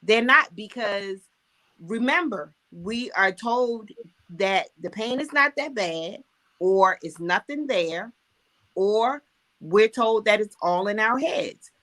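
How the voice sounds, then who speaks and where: A woman's voice: mid-range voice, expressive, slow pace, fairly bright tone. A woman guest talking earnestly in a casual conversation, speaking from her own experience. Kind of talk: casual chat.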